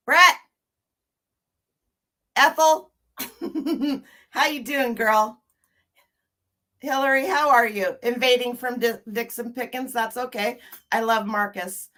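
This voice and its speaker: A chatty woman in her fifties hosts a casual livestream, greeting viewers one by one with frequent laughter. She talks at an easy, unhurried pace. Her voice sits a little high. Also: steady tone, bright, forceful tone. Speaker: livestream host.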